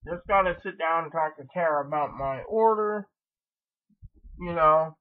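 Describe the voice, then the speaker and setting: Man, casual vlog update, meandering, lots of fillers, slightly high voice, tinny phone-like sound. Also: unhurried. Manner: meandering, many fillers and restarts. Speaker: vlogger.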